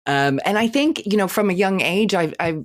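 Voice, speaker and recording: Woman therapist on a podcast, chatty and amused, medium pitch. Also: expressive, moderate pace. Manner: chatty, amused, fond of mimicry. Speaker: therapist guest. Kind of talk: casual chat.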